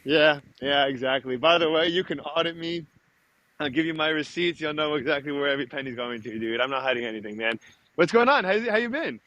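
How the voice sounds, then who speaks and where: A man's voice: a little high, steady tone, a little fast, sharp tone, highs cut off. A man hosting a podcast, joking and chummy, often calling his guest "dude.". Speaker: podcast host. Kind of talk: casual podcast chat.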